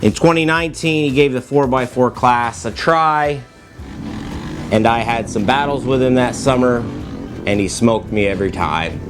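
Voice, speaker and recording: A man hosts a sports-preview vlog, joking and teasing his way through it in a self-mocking tone. His voice sits at an ordinary middle pitch. Light music plays faintly behind him. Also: moderate pace. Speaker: host of a racing preview video.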